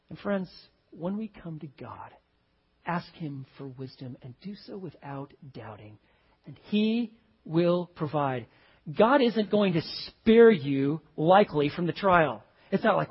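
A man preaching a sermon, telling a story with animated swings from loud exclaims to hushed, tender lines. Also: high voice, normal speed, husky, lo-fi sound. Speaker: pastor.

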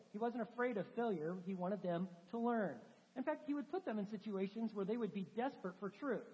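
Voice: medium pitch, warm tone. A preacher giving a sermon, telling stories with animation and acting out quoted dialogue. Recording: dull sound with long hall reverb.

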